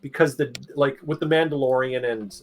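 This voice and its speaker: A man's voice: mid-range voice, moderate pace, rough recording. A man chatting casually between tabletop game sessions, rambling with many fillers. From Canada. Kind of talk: casual chat.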